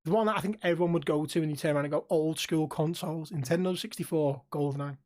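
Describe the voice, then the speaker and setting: Fast-talking man on a podcast. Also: on the high side, darkish tone. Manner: swearing, storytelling, quick rambling restarts. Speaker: podcast co-host. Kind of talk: casual podcast chat.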